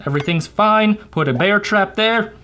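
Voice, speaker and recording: A young man giving let's play commentary on a racing game, excitable and self-mocking, jumping between yelps and low mutters. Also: normal speed, a little hiss or hum. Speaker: gaming channel host.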